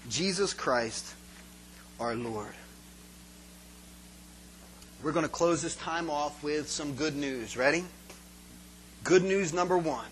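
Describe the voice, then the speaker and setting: A man's voice: a little high, a little hiss or hum, low-quality recording. A man preaching a sermon with energy, calling out questions for the congregation to answer. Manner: energetic, call-and-response with congregation.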